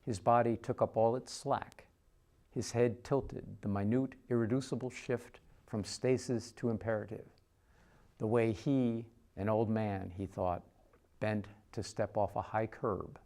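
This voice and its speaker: Slow, measured male story reader. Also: lowish voice, fairly even intonation, mellow. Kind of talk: literary story reading.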